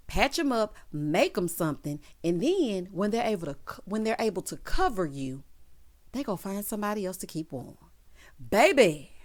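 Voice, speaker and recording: Sassy woman recapping a TV show. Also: medium pitch. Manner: sassy, talks straight to viewers, acts out quotes. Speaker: TV recap host. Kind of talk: casual show recap and commentary.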